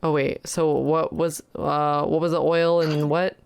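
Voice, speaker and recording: Chatting casually on a game live-stream, a young woman exclaims and thanks her viewers as she plays. Her deep voice is gravelly yet a little mellow and smooth, with a flat delivery and a slightly slow pace. The recording is dry.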